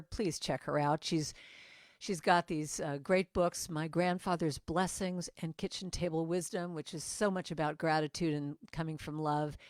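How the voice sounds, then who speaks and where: Chatty, heartfelt woman with a lowish voice. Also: dry recording, studio quality. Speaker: guest speaker and musician. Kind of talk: inspirational morning message. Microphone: video call.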